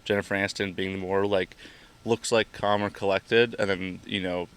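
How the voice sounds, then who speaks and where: Young male co-host with a low voice, relaxed hedging chat full of fillers. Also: moderate pace, smooth. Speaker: podcast co-host. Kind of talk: casual chat.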